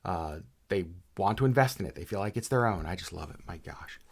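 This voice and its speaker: A woman's voice: extremely low pitch, lively intonation, fairly quick, gravelly, a little mellow, breathy edge. A woman co-hosting a casual podcast chat, playful and teasing, rambling with plenty of fillers. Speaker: podcast co-host.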